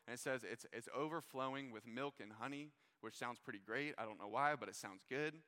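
A young adult man preaching a casual sermon to a live audience in a church hall, talking in a relaxed, conversational way with plenty of fillers. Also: mid-range voice, a little fast, hardly any pauses, clear, resonant tone. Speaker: pastor. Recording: long reverb of a large hall.

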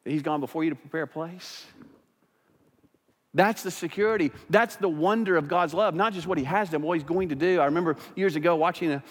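Pastor preaching loud then soft, male, bit high pitched, big reverby hall. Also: fairly quick. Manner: fired-up preaching, swings from quiet to loud. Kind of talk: sermon.

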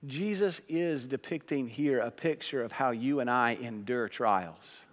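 A man preaches from a church sanctuary in an ordinary mid-range voice. He drops to hushed, slow phrases, then climbs to loud, high peaks. His words ring out with a long reverb from the hall around him. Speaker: pastor. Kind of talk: sermon.

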